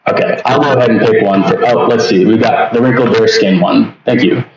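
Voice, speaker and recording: A man's voice: on the low side, a little fast, creaky, a loud crowd. A man leading an online workshop as instructor, talking through a walkthrough with lots of fillers and restarts. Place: home setup on a video call. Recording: distant echoey lo-fi recording with noise.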